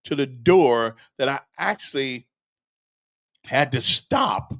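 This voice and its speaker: A man's voice: medium pitch, animated, slow, fairly bright tone. An older man hosting a casual stream, telling a rambling story with stammers, repeated words and chuckles, and talking straight to a listener. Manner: chuckles often and talks directly to a listener. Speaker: host. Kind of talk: casual livestream chat.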